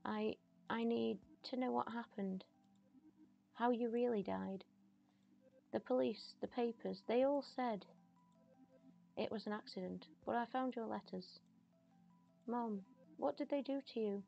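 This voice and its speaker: A woman's voice: a little high, unhurried, vocal fry, long pauses, lo-fi sound, soft background music, pitched above the performer's own voice. A woman reading the lines of a grieving daughter who pleads with her dead mother in broken, emotional phrases in a narrative game. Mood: pleading.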